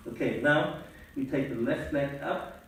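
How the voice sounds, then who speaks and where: Recorded from afar on a camera mic, this roomy audio captures a man leading yoga aboard a sailboat. His mid-range voice stays slow and calm as he guides the class through instructions.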